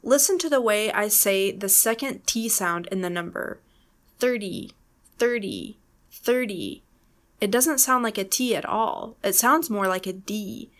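A woman with an American accent co-hosting an English-learning podcast, reading a scripted pronunciation lesson and saying example words slowly and repeatedly. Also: mid-range voice, fairly bright tone. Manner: clear, deliberate, demonstrates words by repeating them slowly. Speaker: podcast co-host, English teacher.

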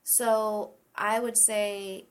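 A woman teaching English pronunciation in a relaxed chat, explaining with lots of examples. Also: medium pitch, very slow. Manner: explains with many examples and light laughter.

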